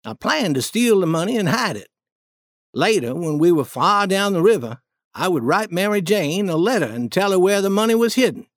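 Male storybook narrator, steady first-person telling, animated pitch, dry booth. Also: no echo.

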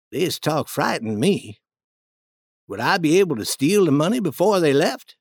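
Male storybook narrator, steady first-person telling, animated pitch, dry booth. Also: moderate pace, slightly rough, no echo.

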